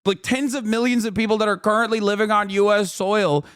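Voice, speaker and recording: A man talks through a live stream in loose, heated commentary, swearing freely and breaking into laughter. His voice sits high and comes across smooth and clear. He sounds exasperated and worked up. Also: a little fast. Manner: animated and indignant, swears, laughs often. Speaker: streamer reacting to a clip.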